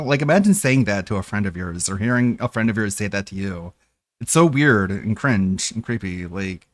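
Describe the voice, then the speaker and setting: Man, mocking and incredulous in argument, mid pitch, dry close sound. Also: animated, normal speed, dry recording. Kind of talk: argumentative commentary.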